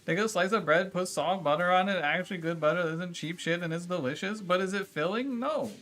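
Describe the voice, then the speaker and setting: Streamer guy arguing w his chat, swears a lot, exasperated, kinda high bright voice. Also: a little fast. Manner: exasperated, profane ranting; argumentative, talking back to chat. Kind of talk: casual livestream chat with viewers.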